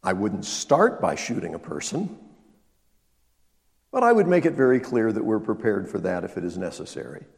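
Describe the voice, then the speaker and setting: A man preaching a sermon as pastor, emphatic and swinging between loud stresses and quiet asides. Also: on the low side, big pitch swings, moderate pace. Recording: long reverb of a large hall.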